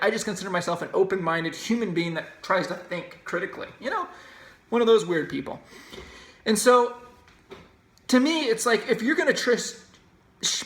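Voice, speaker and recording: A man's voice: high-pitched, fairly bright tone. A man hosts a solo opinion podcast and argues his points emphatically, in a ranting, insistent way. His voice carries a noticeable echo from the room around him. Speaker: podcast host. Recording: roomy echo.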